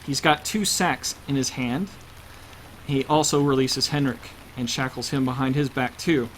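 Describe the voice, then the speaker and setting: A man's voice: medium pitch, fairly even intonation, moderate pace, a bit bright, a little hiss or hum. A man narrating a tabletop role-playing game as game master.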